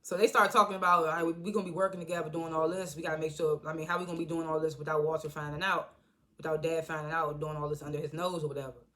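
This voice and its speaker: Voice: medium pitch, little pitch movement, rapid-fire, a bit bright. A TV reviewer giving a loose, slangy recap of an episode, acting out the characters' lines and laughing often.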